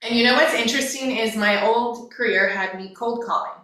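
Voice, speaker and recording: Lady coach talking open and emotional, swears casual, bright voice, kinda far off in a big echoey room. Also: a little high, moderate pace. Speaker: life coach and counselor. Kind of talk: casual heartfelt conversation. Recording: echoey room, away from the mic.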